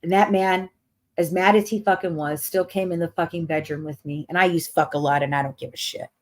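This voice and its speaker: A podcast host tells a story as a casual, profane rant, emphatic and dramatic. Her voice sits low, with fairly even intonation and a quick pace.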